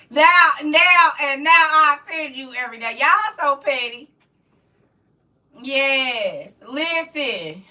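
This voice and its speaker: A woman's voice: high-pitched, lively intonation, slow, sharp tone. A middle-aged woman hosting a casual livestream at home, teasing her viewers playfully and laughing often. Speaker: livestream host reading chat. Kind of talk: casual live chat. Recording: distant from the mic.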